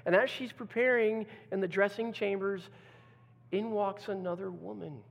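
A man's voice: high voice, fairly even intonation, moderate pace, creaky, highs cut off. Male pastor delivering a dramatic sermon with acted-out quotes, in a church sanctuary with a long hall reverb. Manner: dramatic, acts out quoted voices, swings from loud to hushed.

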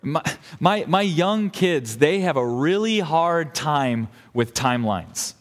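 A man's voice: on the high side, lively intonation, takes it slowly. A young adult man preaching a sermon as pastor, earnest and emphatic, building in intensity. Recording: long hall reverb.

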